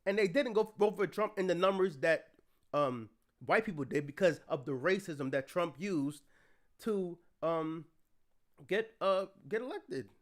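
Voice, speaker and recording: A young man streaming heated political commentary, indignant and profane, ranting and at times shouting in anger. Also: high-pitched, lively intonation, a little slow. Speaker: streamer reacting to an article.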